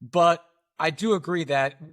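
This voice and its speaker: A man's voice: fairly high pitch, a little slow, a bit bright. Talkative man co-hosting a podcast. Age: late 30s to early 40s. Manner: thinking aloud with many fillers. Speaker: podcast co-host. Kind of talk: casual opinion chat.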